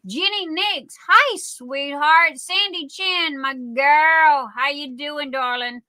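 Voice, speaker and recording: Southern lady on a livestream, high bright voice, rambly and sweet with the viewers, dry close mic. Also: slow, hardly any pauses, no echo. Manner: rambling, chatty, greets viewers with endearments. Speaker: livestream host. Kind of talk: casual livestream chat.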